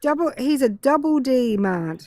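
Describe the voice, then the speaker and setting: A British woman co-hosting a call-in show, deadpan and jokey, cutting in with wry asides. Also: high-pitched, measured pace, no room sound, clean studio sound. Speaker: show co-host. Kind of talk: playful banter.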